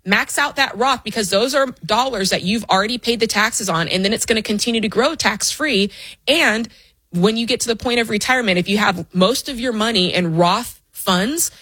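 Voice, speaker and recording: A woman's voice: a little high, normal speed, a bit bright, breathy edge, no room sound. Upbeat woman advice-show host. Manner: upbeat, direct, addresses listeners as "guys".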